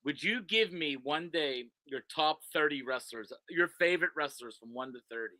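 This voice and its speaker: Man, brassy bright tone, dry close sound, rambling guest storyteller. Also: a little high, expressive, moderate pace, no room sound. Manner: rambling storyteller, many restarts. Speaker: guest, sports website owner. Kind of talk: casual podcast chat. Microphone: video call.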